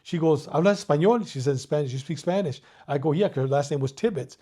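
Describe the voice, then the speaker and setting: An older Mexican-born man, once a police detective, spins stories in a laid-back interview, animated and foul-mouthed, peppering everything with "dude" and "you know what I mean." His voice sits a little high and comes quickly, with a breathy edge.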